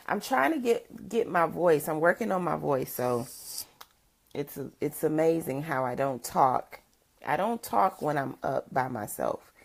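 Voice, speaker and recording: An older woman with a deep, rough morning voice gives a casual livestream chat as a motivational speaker. She's chatty, greets viewers by name and laughs often.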